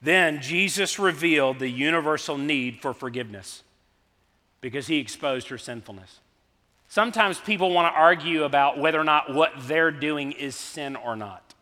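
A middle-aged man delivers a sermon, telling stories in a chatty, unpolished way with fillers and restarts. His voice sits a little high and sounds bright and forceful. The sound carries a long reverb, as in a large hall. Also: animated, normal speed. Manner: conversational, anecdotal, with fillers and restarts. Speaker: preacher. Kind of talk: sermon with storytelling.

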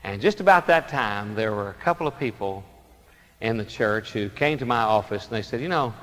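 A male pastor preaching a sermon, telling stories dramatically and swinging between loud emphasis and soft asides. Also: fairly low pitch, expressive, normal speed, big-room sound.

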